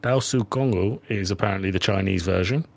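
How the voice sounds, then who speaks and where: A man co-hosting a podcast, bantering with friends in an animated, teasing way and swearing freely. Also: sits low, fairly quick, vocal fry, dry recording. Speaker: podcast co-host. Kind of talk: casual banter.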